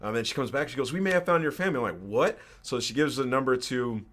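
A man's voice: mid-range voice, expressive, fast, fairly bright tone. A man in his twenties, a podcast guest, casually telling a personal story with slang and swearing. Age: 20s.

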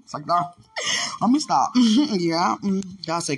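A woman hosting a podcast, talking casually in an animated, storytelling way, breaking into laughter and playful sing-song lines. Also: medium pitch, slow pace, pauses often, breathy edge. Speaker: podcast host. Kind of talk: casual personal monologue.

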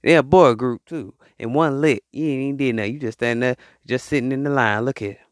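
A man's voice: mid-range voice, brisk, no room sound, studio quality. A man hosting a podcast, talking in a casual, rambling motivational monologue and acting out the voices he quotes. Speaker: podcast host.

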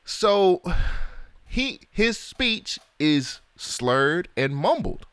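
A man's voice: high voice, sing-song, drawn-out words, a bit bright, smooth, dry recording. A young man, chatting casually and profanely as a podcast co-host, telling stories and laughing often. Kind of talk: casual chat.

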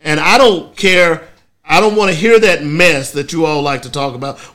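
A man's voice: on the high side, normal speed, pushed and bright. A middle-aged man hosting a casual solo talk show, speaking in an emphatic, preachy way, often checking in with "okay?". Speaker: host.

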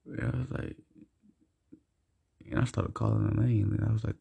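A man's voice: fairly low pitch, flat delivery, fairly quick, gravelly, warm tone, slightly rough. A young man casually telling a rambling, slangy, profane personal story for his vlog.

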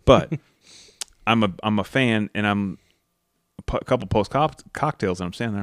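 A low-pitched man chats on a podcast, rambling through self-mocking stories and blunt opinions. His voice sits close and dry, with no room around it. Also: moderate pace, dry recording. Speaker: podcast co-host. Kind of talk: casual podcast chat.

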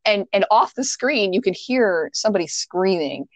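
A young woman co-hosting a podcast, talking in a loose, chatty way full of fillers and casual swearing. Her voice sits at an ordinary middle pitch. The sound is dry and close, with no room around it. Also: expressive, moderate pace, dry recording. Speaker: podcast co-host. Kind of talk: casual chat.

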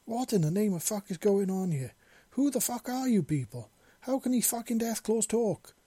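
A man voicing a desperate young runaway in his early twenties, talking fast and urgently. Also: mid-range voice, steady tone, warm tone, no room sound, natural voice. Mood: frantic. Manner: frantic, pleading.

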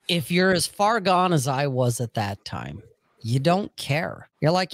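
A man's voice: on the high side, sing-song, takes it slowly, gravelly, a bit bright, dry recording. A man telling a personal story in casual podcast chat, blunt and profane, often checking in with "okay?".

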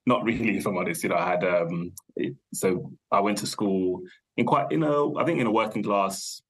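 A young man, a podcast guest thinking aloud in a relaxed, rambling way, full of fillers and self-corrections. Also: fairly low pitch, normal speed, husky. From London, England. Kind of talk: casual conversational interview.

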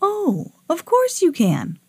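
A woman's voice: very high voice, huge pitch swings, takes it slowly, a little mellow, voice pushed up, full character voice. A woman voicing a drowsy, hard-of-hearing old male moon in a storybook who mishears things.

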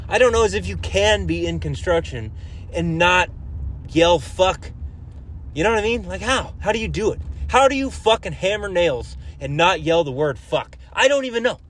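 A man's voice: high-pitched, animated, moderate pace, a bit bright, a little hiss or hum. Foul-mouthed rambling man vlogging. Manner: heavy swearing, loose and rambling with many fillers. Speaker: hunting vlogger and podcaster. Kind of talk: casual rambling talk to camera.

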